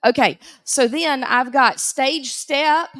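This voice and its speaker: A woman with a Southern American accent announcing prize winners at a live event, teasing and animated. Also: high-pitched, takes it slowly, dry recording, studio quality. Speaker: auction emcee.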